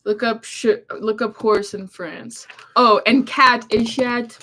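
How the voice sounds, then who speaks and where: A woman's voice: on the high side, steady tone, slow, pushed and bright, slight background noise. A woman co-hosting a casual home live stream, reading viewer comments aloud in a playful, giggly way. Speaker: co-host reading live chat.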